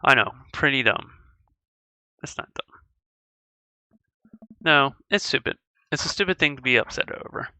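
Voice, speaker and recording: A woman's voice: a bass voice, animated, a little slow, pauses often, pushed and bright, no echo, exaggerated voice. A woman voicing a hurt, sarcastic teenage girl in video game dialogue read aloud, dejected and self-mocking.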